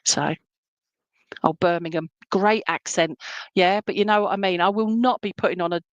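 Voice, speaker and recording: A woman's voice: lowish voice, moderate pace, no room sound, highs cut off. A woman working as a spiritualist medium, giving clairvoyant readings at an online church service in a chatty, affectionate way. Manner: chatty and affectionate, with frequent endearments. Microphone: online stream.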